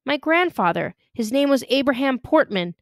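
A woman's voice: high voice, animated, normal speed, no echo, studio quality, voice pushed up. A woman voicing a panicked American teenage boy who pleads and stammers. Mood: pleading.

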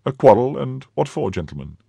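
A man's voice: medium pitch, sing-song, brisk, vocal fry, dark tone, slightly rough, no echo, pitched above the performer's own voice, exaggerated voice. A man voicing a stern, commanding older cardinal who questions sharply and speaks with clipped authority. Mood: imperious.

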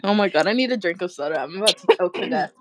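A woman's voice: fairly low pitch, animated, racing, dry recording, studio quality. A woman co-hosting a live paint-along stream, chatting casually and playfully teasing her partner. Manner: teasing, playful, mock-scolding.

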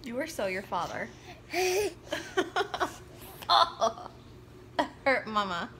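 A woman's voice: on the high side, sing-song, slow pace, pushed and bright, a little hiss or hum. A woman at home talking to her baby in a casual vlog, cooing in sing-song baby talk. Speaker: mother and vlogger.

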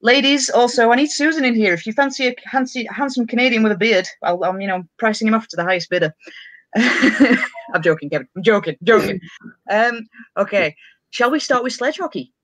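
A woman's voice: fairly high pitch, brisk, no room sound. A chatty woman hosts a live-streamed talk show. She bounces between guest and viewers and laughs at herself. Her voice is close and dry, with no room sound. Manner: bubbly, chatty, laughs often, scattered. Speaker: livestream show host. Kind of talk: casual live-streamed chat.

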